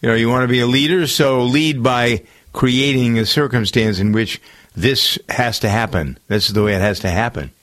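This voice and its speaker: A man's voice: medium pitch, moderate pace, fairly bright tone. A man hosting a talk radio show, counting down the week's stories in a loose, meandering way full of filler uhs. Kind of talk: casual radio chat.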